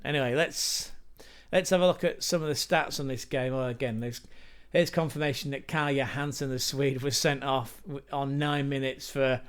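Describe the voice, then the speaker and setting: A man's voice: medium pitch, clean tone. A man hosting a football channel, talking through stats in a chatty, rambling way with asides to viewers. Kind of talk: casual football stats commentary.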